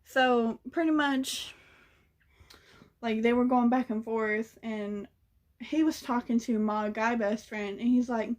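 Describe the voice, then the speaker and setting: A young woman retells a story straight to camera, loose and slangy. Her voice sits a bit higher than most women's. She talks in a lively, gossipy rush of asides. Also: slow pace. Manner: chatty, slangy, animated retelling. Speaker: vlogger. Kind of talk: casual storytelling.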